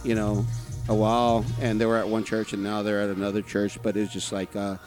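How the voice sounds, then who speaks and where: A man's voice: on the low side, completely flat delivery, a little fast, a little mellow, soft background music. A man talking as a podcast guest in a bar, from Texas, rambling with lots of fillers and restarts and swearing freely. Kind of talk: casual chat.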